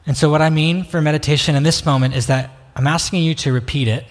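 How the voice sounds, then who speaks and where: Guy pastor giving a sermon, calm inviting pauses, big echoey hall. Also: mid-range voice. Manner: slow, reflective pauses, inviting. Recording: long reverb of a hall.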